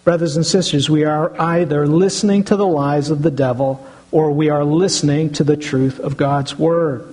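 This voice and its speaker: Man, pastor, sermon, husky, slightly high voice, earnest. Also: fairly even intonation, moderate pace, hardly any pauses, darkish tone, low-quality recording. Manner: earnest, repeats "brothers and sisters".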